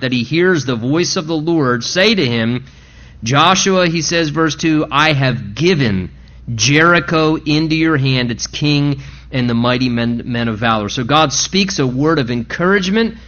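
An earnest man preaches a sermon, and his fairly high voice climbs as he presses his points. He slows down to read scripture aloud. The recording is dull and lo-fi. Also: bright, forceful tone. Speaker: pastor.

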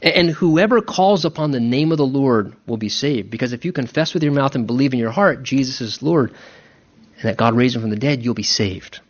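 A man preaching a sermon as pastor, emphatic and animated, with mock-voiced asides. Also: mid-range voice, brisk, highs cut off.

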